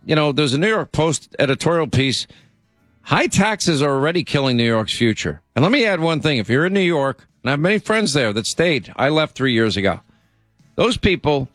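A man hosting a talk radio show, speaking briskly and emphatically with many fillers. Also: medium pitch, fairly bright tone, dry recording. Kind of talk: talk radio monologue and banter. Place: radio studio.

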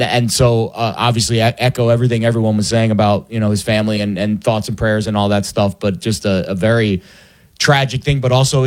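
A man's voice: on the low side, darkish tone. Earnest man, hesitant, full of ums. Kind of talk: casual sports talk.

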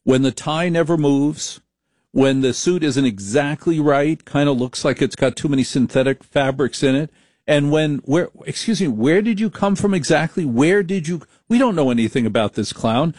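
A middle-aged man from the Northeast hosts a late-night call-in radio show in a fairly high voice. He talks bluntly and sarcastically and flares up quickly at callers. The studio sound is dry and close. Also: darkish tone, dry recording.

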